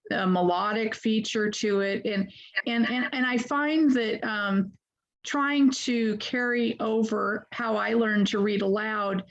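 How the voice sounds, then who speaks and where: A woman in her sixties, a workshop participant, asking a question over a video call in a halting, self-correcting way. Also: mid-range voice. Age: 60s. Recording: muffled video call audio.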